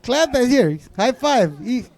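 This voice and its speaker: Young man doing loud crude stand-up. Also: sits high, animated, brisk, gravelly. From Southern California. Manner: crude, loud crowd work with Spanish asides. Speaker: stand-up comedian. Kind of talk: stand-up comedy set.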